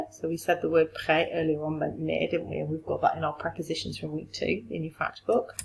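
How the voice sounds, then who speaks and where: A woman's voice: low voice, level tone, a little fast, creaky, few pauses, poor audio. A woman, a French teacher explaining step by step in a recorded remote lesson, encouraging her pupils.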